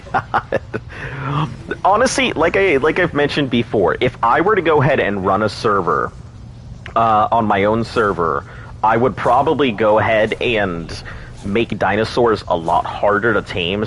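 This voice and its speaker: A man's voice: on the low side, a bit bright, slight background noise. A man streaming a game, chatting casually and rambling, laughing often. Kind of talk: casual gaming chat.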